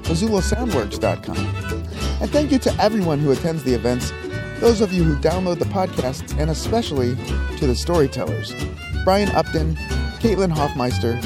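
An announcer reading the podcast's sponsor credits in an even, promotional script. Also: medium pitch, moderate pace. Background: guitar and fiddle music.

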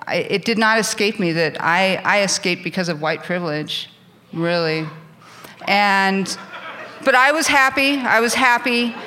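A woman's voice: fairly low pitch, fairly bright tone, a little hiss or hum. Candid middle-aged woman telling a story. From California, US. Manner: candid, self-mocking, laughs at herself. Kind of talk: live personal storytelling.

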